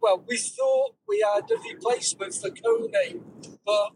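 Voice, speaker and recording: A man calling in to a casual chat, talking slowly and haltingly with a gravelly voice and laughing easily. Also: very high voice, wildly swooping pitch, a little mellow, a little hiss or hum, rough recording. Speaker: caller.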